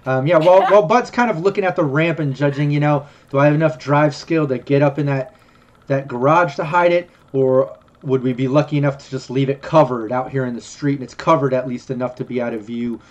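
Male GM for an online tabletop game, rambly and halting, slightly dull lo-fi sound. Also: medium pitch. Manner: rambling, many ums and restarts. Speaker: game master.

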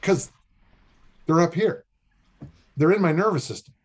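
Guesting on a podcast interview, an older strength and discus coach speaks at a measured pace in a slightly rough, somewhat high voice. He is an animated storyteller who likes to joke.

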